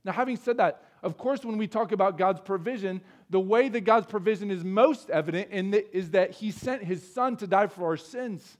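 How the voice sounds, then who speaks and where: A man's voice: high voice, normal speed, few pauses. A man preaching a sermon, earnest and explanatory, asking his listeners rhetorical questions. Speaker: pastor.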